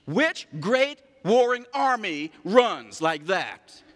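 Man preaching a sermon, high voice, very lively pitch, long hall reverb. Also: takes it slowly. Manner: animated, calls for responses, acts out stories.

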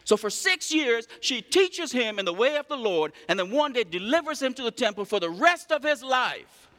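A male preacher giving an animated sermon, calling on the congregation to respond and acting out stories. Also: extremely high pitch, normal speed. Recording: long hall reverb.

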